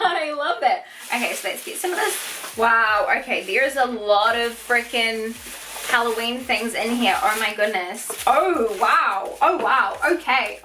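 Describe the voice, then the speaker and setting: A young woman, gushing excitedly as she unboxes products for her vlog. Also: high voice, slight background noise. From New Zealand. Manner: gushing, excitable, swears casually. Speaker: beauty vlogger.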